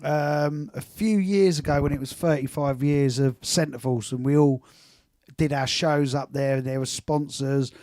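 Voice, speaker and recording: A man's voice: on the high side, steady tone, normal speed, darkish tone, no room sound, studio quality. A man hosting a music chat show, enthusiastic and often restarting his sentences. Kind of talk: casual interview chat.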